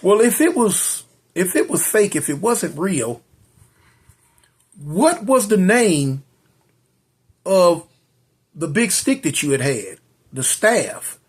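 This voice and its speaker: A man voicing a steady young woman who coaxes her friend in a spoken story. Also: high voice, slow pace, long pauses, husky, full character voice. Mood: urging.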